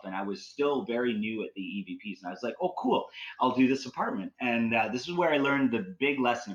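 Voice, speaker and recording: Casual guy rambling through spooky stories on a podcast, lots of likes and restarts, voice a bit low. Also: fairly bright tone. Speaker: podcast guest telling ghost stories. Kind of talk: casual storytelling.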